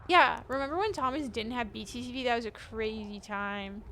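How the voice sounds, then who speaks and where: A woman's voice: on the high side, fairly quick, noisy background. A young woman streaming a game, panicking, swearing and reading game text aloud. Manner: excitable, panicky outbursts and swearing. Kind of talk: casual gameplay commentary.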